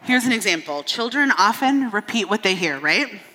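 A woman in her thirties delivers a sermon into a stage microphone, her bright, clear voice carrying a long church-hall reverb. She mixes humor with candid, self-deprecating stories about her children. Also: mid-range voice, expressive, normal speed, a little hiss or hum. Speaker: preacher.

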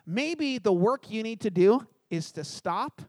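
High-voiced pastor telling a story. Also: male voice, a little slow, no echo, clean studio sound. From Canada. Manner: animated, acts out dialogue, self-deprecating humor. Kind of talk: storytelling sermon.

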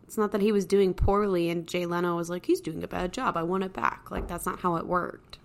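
A woman with a low voice co-hosts a casual podcast. She speaks in a dry, matter-of-fact way. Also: a little fast, creaky, a little hiss or hum. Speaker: podcast co-host. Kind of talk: casual chat.

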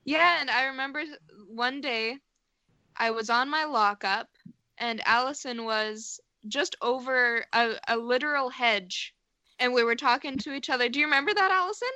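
A woman's voice: high voice, moderate pace, sharp tone, dry recording. A young woman telling friendly anecdotes as a guest in a casual interview. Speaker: actor guest.

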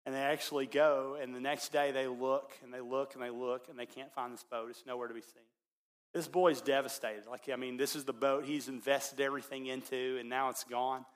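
A man preaching as a pastor, telling a story in his sermon and swinging between loud, excited passages and hushed ones. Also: mid-range voice, a little fast.

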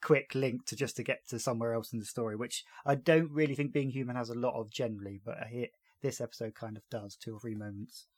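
A man hosts a relaxed podcast, chatting through a TV episode with an easy, amused manner. He retells scenes in a dry voice and laughs along the way. His voice sounds close and dry, with no room echo. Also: medium pitch, fast talker, hardly any pauses. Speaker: podcast host. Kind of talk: casual podcast chat recapping a TV episode.

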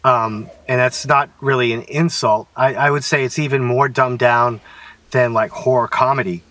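A man's voice: mid-range voice, fairly even intonation, moderate pace, fairly bright tone, no room sound, recorded from a distance. A man co-hosting a casual podcast about films, talking hesitantly and frankly. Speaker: podcast co-host. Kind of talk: casual film discussion.

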